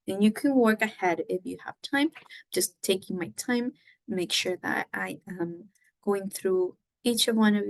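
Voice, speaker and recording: A woman with a mid-range voice gives a recorded Spanish class, laying things out patiently step by step and going back and forth between English and Spanish. The recording is low quality, with no echo.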